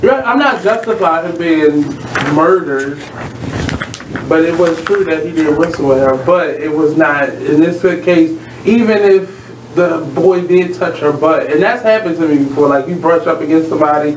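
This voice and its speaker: A man co-hosting a talk radio show, blunt and skeptical as he argues his side in casual banter. His voice sits a bit high and lands from back off the mic. The studio sounds roomy and carries a steady noise. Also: moderate pace, distant mic.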